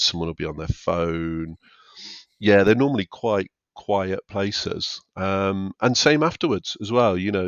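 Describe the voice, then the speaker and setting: A stand-up comedian guests on a conversational podcast interview, speaking candidly and self-deprecatingly and acting out quoted chatter. His voice sits low and is a bit bright, on a dull, dry, lo-fi recording.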